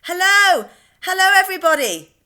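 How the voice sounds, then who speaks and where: An eager, friendly small boy from a children's storybook, as a woman voices him. He chirps his rhymes in a very high, bright, sing-song voice full of bounce. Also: big pitch swings, unhurried, exaggerated voice. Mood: joyful.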